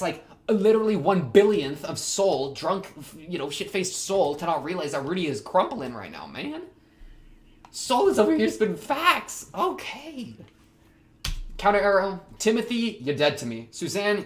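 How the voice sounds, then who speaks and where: A young man hosting an anime reaction, talking casually in a rambling, slangy way with excitable outbursts. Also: high-pitched, a little hiss or hum.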